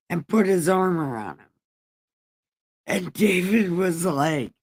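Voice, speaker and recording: Woman host, slow irreverent scripture reading, swears freely. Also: on the low side, darkish tone. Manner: profane slangy paraphrasing, asides to viewers.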